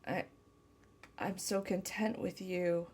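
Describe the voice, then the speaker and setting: A woman tarot reader speaking a channeled message slowly and tenderly, close to tears. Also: on the low side, fairly even intonation, darkish tone. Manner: slow, tender, emotional. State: tearful.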